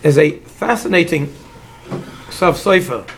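Slightly slow and on the high side, with vocal fry, a man delivers a Torah lecture against slight background noise. He works through commentaries in English mixed with Hebrew terms, animatedly playing the story's figures as a Torah teacher.

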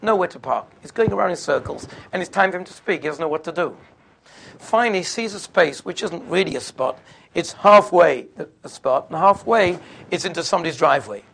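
A man's voice: on the high side, lively intonation, fairly quick, vocal fry, a bit bright, a little hiss or hum. A man giving a sermon, telling stories in a conversational way. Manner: conversational, sprinkles in Yiddish and Hebrew terms. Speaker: religious speaker. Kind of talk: storytelling sermon.

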